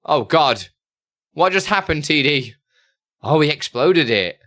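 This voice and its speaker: A man hosting a casual live stream, chatting freely with his audience. His pitch swings up and down animatedly as he reads messages aloud. In between, he mutters to himself about his settings. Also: animated, unhurried, no room sound, clean studio sound. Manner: chatty, reads chat aloud and mutters while fiddling with software. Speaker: live streamer answering chat questions.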